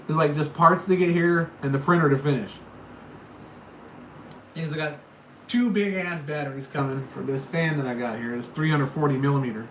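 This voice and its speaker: A man's voice: on the high side, steady tone, fast talker, fairly bright tone, a little hiss or hum. A man from California hosting a casual livestream, rambling and joking with his chat. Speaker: livestream host. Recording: echoey room with faint ambience.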